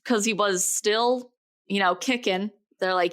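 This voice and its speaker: A woman's voice: fairly low pitch, lively intonation, measured pace, a bit bright. A young woman co-hosting a podcast, telling a story in a loose, jokey way and laughing often. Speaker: podcast co-host. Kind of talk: casual storytelling chat.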